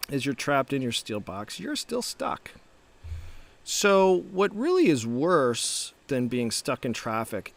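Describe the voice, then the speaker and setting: Speaking to camera, this middle-aged man, a startup founder and coach, delivers an easygoing motivational talk that's reflective and full of restarts and rhetorical questions. His voice is medium-pitched and creaky.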